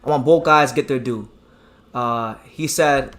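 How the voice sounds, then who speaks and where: A man hosting a live boxing stream, talking excitably, repeating himself and reading out the chat. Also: medium pitch, moderate pace. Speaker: boxing channel host.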